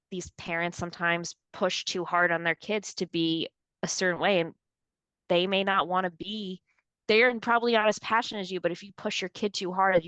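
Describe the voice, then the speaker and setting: A woman with a low, smooth voice, recorded dry and close on the mic. She co-hosts a casual pop culture podcast and talks animatedly, often slipping into quoted voices. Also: fairly bright tone, no echo. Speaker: podcast co-host.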